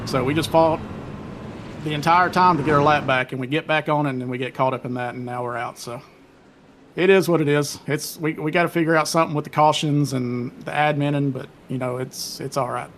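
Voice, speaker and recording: A man's voice: on the high side, fairly even intonation, a little fast, fairly bright tone, a little hiss or hum. Easygoing man, guest driver interview. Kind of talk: casual interview.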